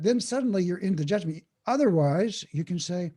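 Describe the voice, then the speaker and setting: A man, a podcast guest, explaining mindfulness in an animated way and acting out inner thoughts. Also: high voice, fairly quick, few pauses. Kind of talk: podcast interview talk.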